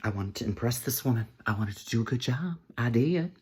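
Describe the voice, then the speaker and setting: A man telling a funny story to camera, sassy and animated, calling listeners honey and girl. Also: medium pitch, brisk, husky.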